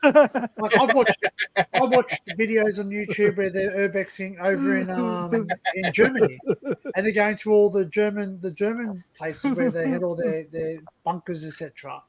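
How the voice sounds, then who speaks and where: A man's voice: sits high, normal speed. An Australian man hosting a casual livestream group chat, rambling and opinionated, often repeating his words as he talks. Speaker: livestream host.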